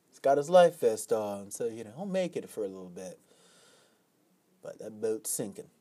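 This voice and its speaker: A casual storyteller winds through a long joke, rambling and loose. The pitch sits in the middle range, and the telling is full of fillers. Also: warm tone, breathy edge. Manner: rambling, many fillers like "you know, whatever".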